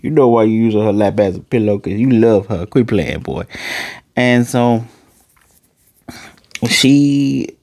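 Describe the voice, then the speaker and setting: A man's voice: lowish voice, unhurried, vocal fry, long pauses, darkish tone, no room sound, studio quality. A young man recapping and reviewing an anime episode in a loose, joking, slangy way, swearing freely.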